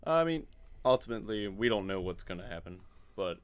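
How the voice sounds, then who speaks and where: A man's voice: on the low side, lively intonation, fairly quick, clean tone. A man co-hosting a casual podcast, chatty and joking as he weighs in on news. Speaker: podcast co-host. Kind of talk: casual chat.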